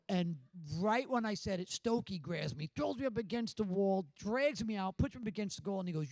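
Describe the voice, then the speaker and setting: A man on a panel telling a long, animated story and laughing often. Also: high voice, brisk, no echo. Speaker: panel guest. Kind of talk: anecdote on a panel.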